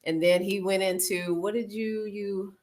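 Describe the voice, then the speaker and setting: A woman's voice: medium pitch, fairly even intonation, unhurried, darkish tone. A woman speaking as a guest, frank and conversational, recounting her story casually. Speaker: podcast co-host, guest.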